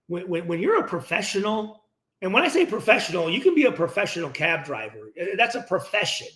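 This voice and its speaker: Middle-aged man, an ex-player who hosts a post-game talk; profane, animated rant with a high, swinging voice. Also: a little fast. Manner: profane, animated, acts out dialogue. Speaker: former player hosting a post-game reaction. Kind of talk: casual unscripted rant. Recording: roomy echo.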